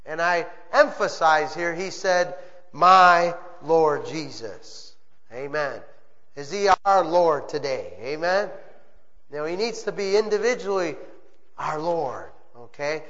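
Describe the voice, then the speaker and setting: A man's voice: on the high side, animated, unhurried, fairly bright tone. A man preaching a sermon, earnest and repetitive, punctuating his points with calls of amen. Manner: earnest preaching with call-and-response amens. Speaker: pastor. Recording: muffled sound with long reverb.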